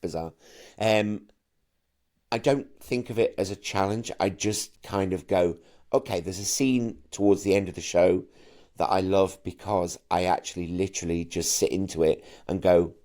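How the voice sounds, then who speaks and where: A middle-aged man from Manchester, a camp and animated actor and singer who often stammers into his sentences while chatting as an interview guest. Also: sits low, moderate pace. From Manchester, England. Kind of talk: casual interview chat.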